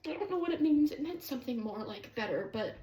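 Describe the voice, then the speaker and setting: A woman's voice: high-pitched, expressive, fast talker, dark tone, distant mic. A young woman streaming from her bedroom, chatting casually with lots of swearing and rambling asides. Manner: swearing, rambling, swings between giddy and teary. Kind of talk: casual chat. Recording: roomy echo, a bit off mic.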